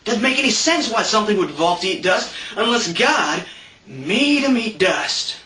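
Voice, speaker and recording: A man's voice: high-pitched, big pitch swings, normal speed, pushed and bright. A man giving a sarcastic, mock-earnest satirical stand-up monologue, chatty and full of fillers. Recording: roomy sound from a distant mic.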